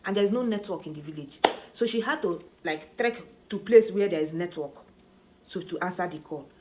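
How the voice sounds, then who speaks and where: A Nigerian woman vlogger telling a personal story in a chatty, animated way, dropping in pidgin asides. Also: fairly low pitch, moderate pace, slight background noise. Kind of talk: storytelling vlog.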